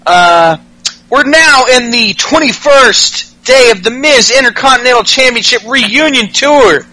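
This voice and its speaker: A man hosting a podcast, recapping a wrestling show in a loose, profane, excitable way and acting out the wrestlers' lines. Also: very high voice, unhurried, no room sound, rough recording. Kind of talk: casual comedic recap with acted-out quotes.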